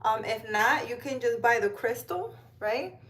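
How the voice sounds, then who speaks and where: Woman host, chatty live-stream delivery into a phone, slightly higher-pitched voice. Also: lively intonation, a little slow, a bit bright. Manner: chatty, reads comments aloud, switches to baby talk with her cat. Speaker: live stream host reading cards and viewer comments. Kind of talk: casual live stream chat.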